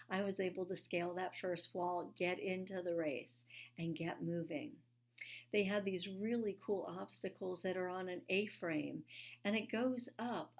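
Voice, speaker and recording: Earnest woman telling a sermon story. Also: lowish voice. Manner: earnest storytelling with many fillers. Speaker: speaker at a spiritual church.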